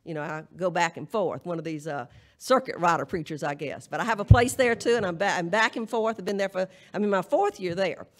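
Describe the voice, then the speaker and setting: Slightly fast and lowish in pitch, a Southern US woman minister gives a live church congregation a funny, forceful charge in a folksy, sermon-like style, speaking with a Southern accent.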